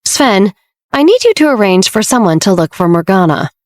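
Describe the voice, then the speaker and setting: A confident young heir speaks in a light, teasing way, as a woman narrator puts him on. The audiobook reading sits at a middle pitch and sounds dry and close, with no room around it. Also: very animated, moderate pace, no room sound, close to an everyday voice. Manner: playful, teasing.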